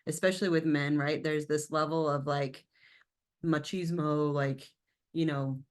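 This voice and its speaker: A woman's voice: sits low, a little slow. Playful woman co-hosting a chat show. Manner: lively, playful, teasing, laughs often. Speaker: co-host. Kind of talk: casual chat.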